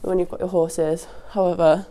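Her voice sits on the low side with little movement in pitch, warm in tone and fairly quick. She's a podcast host doing a rambling solo show while sick and sniffly, casual and sweary, recording outdoors at a windy horse yard on a jacket-clipped lapel mic with wind in the background.

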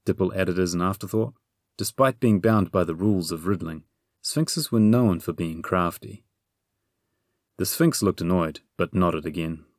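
A man narrating a fantasy audiobook in a measured, gently humorous storytelling manner. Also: deep voice, no room sound, studio quality.

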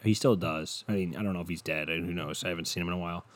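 A man's voice: deep voice, steady tone, fast talker. Swearing young man rambling solo. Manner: crude, self-mocking, swears a lot. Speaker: podcast host. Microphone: cheap desk mic, headphones.

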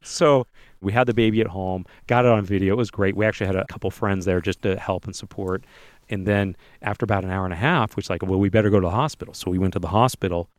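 A man talking at a quick clip with a slightly low voice, recorded dry and close. He is telling a personal story on a podcast and slips into animated voices when he quotes people. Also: dry recording. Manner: animated, acts out others' lines in voices. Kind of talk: casual interview storytelling.

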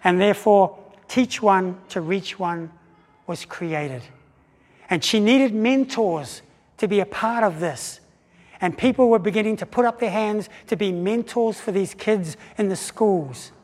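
High-voiced man preaching in a reverberant hall. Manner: animated, acts out quoted voices with pauses and restarts. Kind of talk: sermon storytelling.

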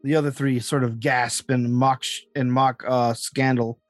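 A man running a tabletop game who narrates slowly and haltingly, with a mid-range voice. Faint music plays in the background. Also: mid-range voice, flat delivery, no echo. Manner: halting, full of fillers and restarts. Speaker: game master.

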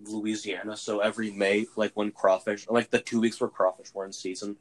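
A man's voice: on the low side, level tone, a little fast. A young man in casual chat, rambling with lots of filler words. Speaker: conversation partner.

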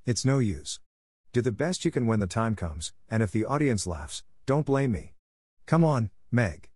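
A man voicing a spirited, theatrical teenage girl in a dramatic, lively way. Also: medium pitch, a little slow, husky, dry recording, clean studio sound. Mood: eager. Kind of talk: audiobook character voice.

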